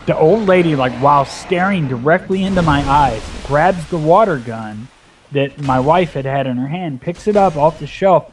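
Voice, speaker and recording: A young man spins a rambling, profane anecdote with lots of energy and filler, his voice sitting a bit higher than most men's. It sounds like an easygoing gaming chat with a faint hiss of background noise. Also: moderate pace. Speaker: gaming video host. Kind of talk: casual storytelling chat.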